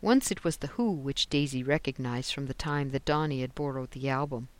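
An audiobook narrator giving steady scripted narration on a close mic. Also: medium pitch, fairly quick. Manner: steady storytelling, lifts for quoted lines.

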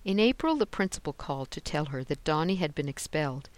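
An audiobook narrator giving steady scripted narration on a close mic. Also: medium pitch, fairly quick, no echo. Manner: steady storytelling, lifts for quoted lines.

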